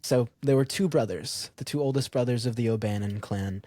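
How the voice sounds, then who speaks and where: A man's voice: mid-range voice, a little fast, no room sound. A man co-hosting a podcast, telling a castle's history in casual chat, with fillers and frequent laughter. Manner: animated, laughs often, fillers like um.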